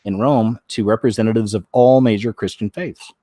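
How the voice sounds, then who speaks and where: A man hosting a show, reading news stories aloud, stumbling over words, clearing his throat and adding wry comments of his own. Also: on the low side, fairly even intonation, a little fast, dark tone, no room sound, studio quality. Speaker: host.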